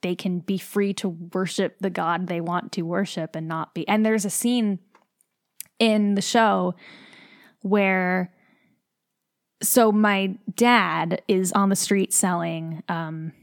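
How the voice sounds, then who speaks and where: A woman's voice: lowish voice, fairly even intonation, slow pace, no room sound. A young woman who acts on stage talks through an interview in a loose, chatty way, filling her sentences with "like." She is heard up close with a dry sound and no room around her. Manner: chatty, heavy use of "like", emotional. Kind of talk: casual interview chat.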